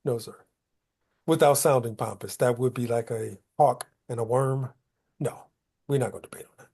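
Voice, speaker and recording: A man's voice: mid-range voice, creaky, a little mellow, slightly rough. A man leading a Bible study, explaining scripture in loose, colloquial everyday talk. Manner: colloquial, paraphrases scripture in casual street talk. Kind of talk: conversational Bible study teaching.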